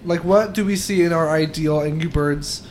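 A man's voice: fairly high pitch, moderate pace, a little mellow, slight background noise. A man hosting a podcast in a casual, playful chat, prompting his guests. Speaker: podcast host.

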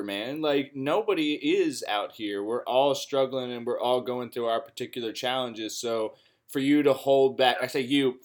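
A man in casual podcast chat, reflecting earnestly on personal growth in slangy, relaxed speech. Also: mid-range voice.

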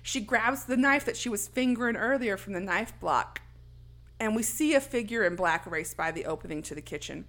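A podcast co-host casually recaps a horror movie scene, animatedly acting out the lines and laughing often. Her voice is medium in pitch at a normal speed.

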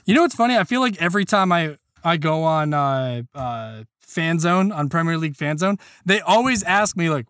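High-voiced exasperated man, dry sound. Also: brisk, few pauses, clear, resonant tone, no echo. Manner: exasperated, animated, swearing. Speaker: podcast co-host. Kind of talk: casual podcast chat.

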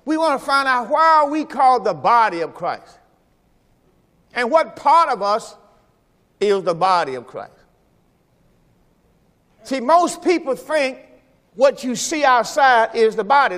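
Big pitch swings mark this pastor's very high, slightly bright voice as he preaches unhurriedly, pausing often. It's a folksy sermon full of repeated phrases and call-and-response, recorded with long reverb in a church sanctuary during a service.

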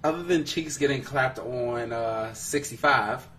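A man hosting a relaxed podcast chat, with a voice of middling pitch that breaks into laughter and playful teasing. He sits a little back from the mic, and a faint hiss sits under the recording. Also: measured pace, far from the mic. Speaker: podcast host. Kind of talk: casual chat.

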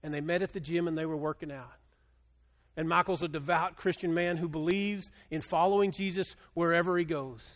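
High-voiced man preaching with passion. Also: steady tone, fairly quick. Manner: swings from quiet, low storytelling to loud, impassioned preaching. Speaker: pastor. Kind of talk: sermon.

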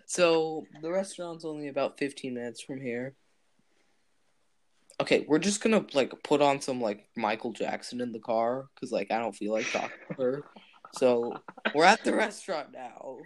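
A man's voice: medium pitch, expressive, normal speed. A young man playfully improvising a date scene, narrating it aloud as he goes. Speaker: improv role-player. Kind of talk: playful improvised role-play.

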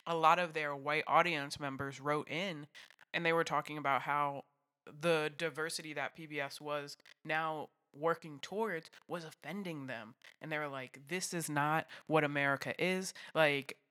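A man's voice: a little high, fairly even intonation, normal speed, bright, forceful tone. A man co-hosting a podcast in casual chat, talkative, often laughing and filling with "like".

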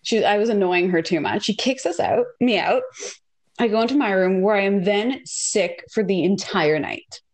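A young woman co-hosting a casual chat, telling animated stories and acting out quoted lines. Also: mid-range voice, normal speed. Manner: animated, says "like" often, acts out quotes.

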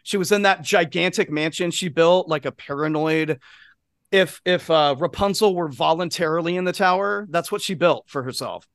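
A male podcast co-host with a fairly high voice, spinning a rambling anecdote full of asides and swearing. The sound is dry and close, from a studio mic. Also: moderate pace, fairly bright tone, dry recording. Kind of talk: casual storytelling chat.

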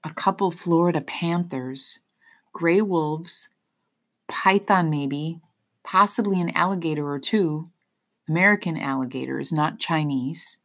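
A woman's voice: sits low, measured pace, a bit bright, full character voice. A woman voicing a harried female zookeeper in an audiobook, tired and matter-of-fact. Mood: weary.

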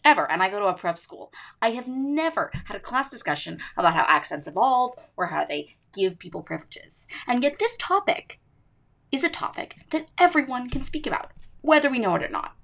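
A woman's voice: fairly high pitch, big pitch swings, a little fast, gravelly, fairly bright tone. A teenage girl hosting her school podcast, narrating from a script in an earnest, emphatic way. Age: teens. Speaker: student podcast host.

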